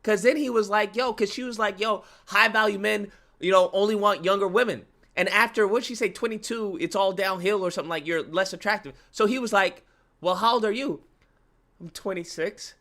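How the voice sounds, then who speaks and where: Young guy ranting on youtube, high bright voice, super animated, bit of music behind. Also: brisk, hardly any pauses. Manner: animated, laughing, exaggerated mock voices. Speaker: YouTube commentator. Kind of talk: reaction rant.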